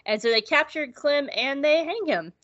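A woman co-hosting a podcast who recaps an episode in a casual, profane, jokey way and acts out scenes in quick voices. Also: sits high, lively intonation, fairly bright tone, dry recording, muffled recording. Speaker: podcast co-host.

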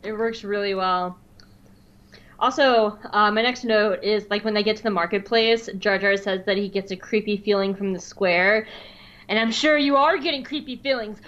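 A woman's voice: medium pitch, steady tone, normal speed, fairly bright tone. A woman co-hosting a podcast in casual chat, giggly and playful, teasing her co-host. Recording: dull lo-fi sound.

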